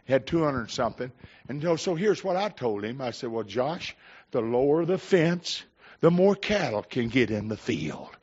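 A man's voice: mid-range voice, lively intonation, moderate pace, darkish tone, breathy edge. An older man preaching a sermon, telling folksy stories and rising into emphatic declarations. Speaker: pastor. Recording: slightly dull, muffled recording.

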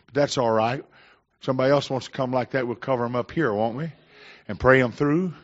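A man's voice: mid-range voice, fairly quick. An older man preaching a sermon, telling folksy stories and rising into emphatic declarations. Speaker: pastor. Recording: slightly dull, muffled recording.

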